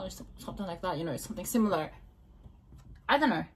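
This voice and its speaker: A woman's voice: medium pitch, steady tone, fairly quick, husky. A woman vlogging casually and talking to herself, hesitant, repeating beatbox syllables over and over.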